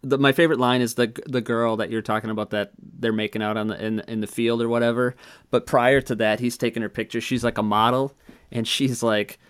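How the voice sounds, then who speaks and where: A man's voice: medium pitch, flat delivery, a little fast, smooth. A laid-back man hosts a casual chat. He laughs often and mostly answers in short replies. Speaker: podcast host.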